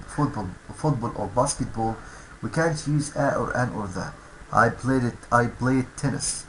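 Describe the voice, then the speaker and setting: A man's voice: mid-range voice, background noise. A man teaching English vocabulary to schoolchildren, saying each word twice and explaining it. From Egypt. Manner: slow, repeats each word aloud for learners.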